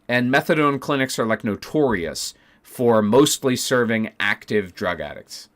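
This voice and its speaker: Young dude ranting to his stream, swears constantly, goes loud then drops to a mutter, mid pitch. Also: animated, measured pace. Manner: heated, profane, ranting; swings from loud outbursts to low mutters. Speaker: streamer and former teacher. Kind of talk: casual storytelling to viewers.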